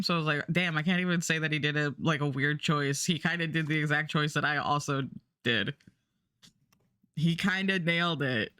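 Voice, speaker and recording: A woman's voice: fairly low pitch, sharp tone, dry recording, studio quality. A woman streamer chatting casually and rambling, with many fillers and restarts. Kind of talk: casual livestream chat.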